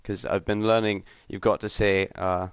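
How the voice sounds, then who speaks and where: A man giving upbeat live commentary on a sim racing league stream, chatting with viewers and filling pauses with ums and uhs. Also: fairly low pitch, little pitch movement, smooth, no echo. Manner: greets chat viewers while commentating.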